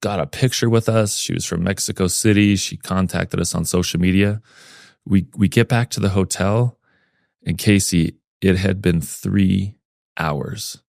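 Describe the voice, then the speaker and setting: A man as a podcast guest, telling a personal story in a lively way and acting out the things people said. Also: sits low, gravelly, no room sound, studio quality. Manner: lively storyteller who acts out remembered dialogue.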